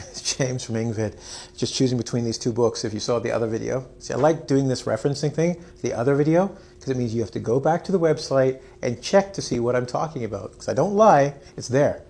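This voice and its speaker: A man's voice: medium pitch, fairly quick, a little mellow. A man teaching an English lesson on video, joking, mocking himself and acting out his students. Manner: playful, self-mocking, acts out students.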